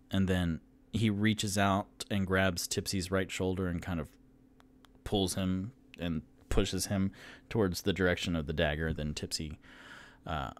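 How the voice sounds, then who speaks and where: A man narrating a solo tabletop game as game master, in a casual, rambling way that often corrects itself. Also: low voice.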